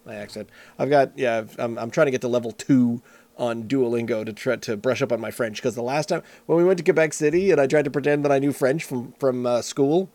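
A middle-aged man from Canada co-hosting a casual beer-tasting chat, animated and self-deprecating, with vivid comparisons. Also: mid-range voice, brisk. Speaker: podcast co-host reviewing beers.

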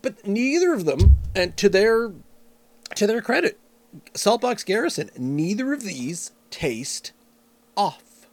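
A middle-aged man from Canada chats casually about a beer he is tasting. His voice sits a touch high and sounds dry and close, and he runs animated, self-deprecating tangents. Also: slow, dry recording. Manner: animated, chatty, self-deprecating with vivid comparisons. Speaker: podcast co-host reviewing beers. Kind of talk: casual chat.

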